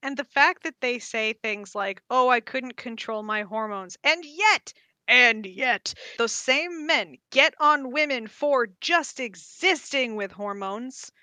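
Bright, impassioned woman podcaster. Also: on the high side, slow, clear, resonant tone, no echo. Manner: impassioned, ranting with acted quotes. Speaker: podcast co-host. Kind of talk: casual podcast chat.

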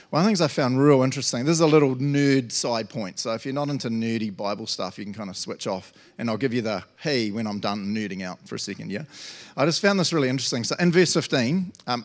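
Casual New man preaching, medium pitch, playful and chatty, throws in loud acted-out lines. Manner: playful and chatty, acts out quotes with sudden loud jumps. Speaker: pastor. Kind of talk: casual sermon.

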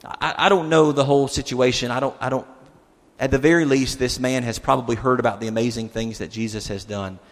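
A man's voice: mid-range voice, fairly even intonation, fairly quick. A male pastor giving a conversational sermon, putting rhetorical questions to his listeners. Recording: long hall reverb.

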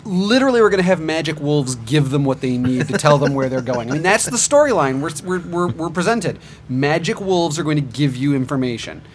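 A man's voice: a little high, expressive, brisk, hardly any pauses, a little hiss or hum. A man co-hosting a casual podcast chat, wry and critical. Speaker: podcast co-host.

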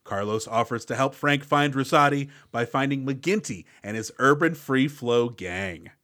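A man on a movie podcast, recapping scenes with a wry, easygoing delivery. His voice is bright and forward, at a middle pitch. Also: a little slow. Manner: recaps plot, wry, sometimes does voices. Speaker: podcast co-host. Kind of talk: casual movie-review chat.

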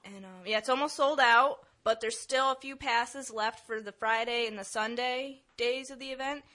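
Giggly bright-voiced woman co-host. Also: fairly high pitch, fairly even intonation, normal speed. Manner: giggly, chatty, reading off a list. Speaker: podcast co-host. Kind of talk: casual chat.

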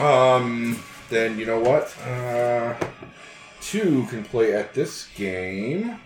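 A man's voice: mid-range voice, lively intonation, extremely slow, roomy sound, faint music behind. A man playing a tabletop game, joking, laughing and working out dice sums aloud. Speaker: player.

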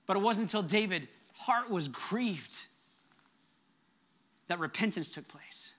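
Middle-aged guy preaching, earnest and emphatic, bright tone, goes quiet sometimes. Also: high voice, expressive, slow. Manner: earnest, emphatic preaching with sudden soft drops. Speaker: pastor. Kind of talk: sermon.

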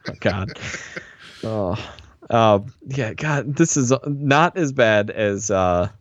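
A man recapping an episode in casual chat, relaxed and laughing often, mildly critical. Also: on the low side, takes it slowly, no room sound, dull audio. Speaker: podcast co-host recapping an episode.

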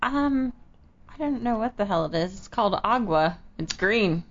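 A woman talks as a radio show guest, blunt and full of jokes, often breaking into laughter. Her voice sits at an ordinary pitch, and the audio is dull and lo-fi. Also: expressive, normal speed. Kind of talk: casual interview chat.

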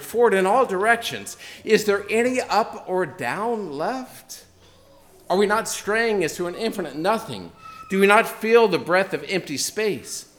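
A frantic, anguished madman crying out his questions in a raised, declaiming voice, as a preacher gives him voice. The pitch climbs well above an ordinary speaking voice, and the delivery stays impassioned throughout. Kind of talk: dramatic reading within a sermon.

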